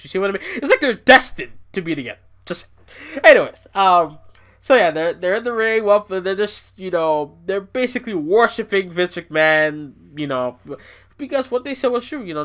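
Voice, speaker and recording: A man hosting a podcast who rants in a loose, rambling way, swearing often and leaning on "you know." His voice sits high and sounds bright and sharp. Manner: rambling, profane, excitable, fillers like "you know". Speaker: podcast host. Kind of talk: casual ranting commentary.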